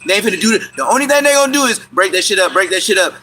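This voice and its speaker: High, bright-voiced man ranting loudly. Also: lively intonation, rough recording. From Inglewood, California. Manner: loud, fast, repetitive street talk with sudden yelps. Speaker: livestream host. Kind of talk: animated livestream rant.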